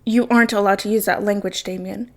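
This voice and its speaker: A woman's voice: mid-range voice, steady tone, quick pace, darkish tone, close to an everyday voice. A woman reading the lines of a weary, stern grown man who pleads earnestly with his son in a storybook reading. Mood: tired, earnest.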